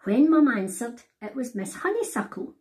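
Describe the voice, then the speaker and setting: A woman reads her children's picture book aloud, talking straight to the young listeners. Her voice is animated, swooping up and down with wide, lively pitch. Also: moderate pace. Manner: animated, addresses children directly. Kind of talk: storybook read-aloud for children.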